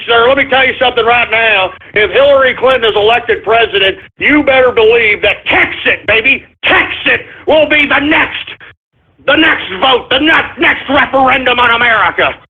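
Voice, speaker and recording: A man's voice: extremely high pitch, normal speed, husky, exaggerated voice. A man playing a blustering, foul-mouthed Texan talk radio host who rants, curses and stumbles over his words. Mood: ranting. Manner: ranting, cursing, stumbling over words, drunk-sounding bravado. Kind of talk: parody talk radio rant. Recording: tinny phone-like radio sound.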